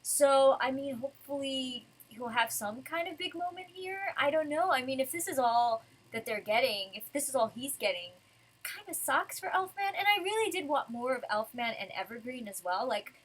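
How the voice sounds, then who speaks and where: A woman's voice: sits high, animated, normal speed, a bit bright, breathy edge, poor audio. A woman reviewing a manga chapter in a casual, rambling way, giggling and full of fillers.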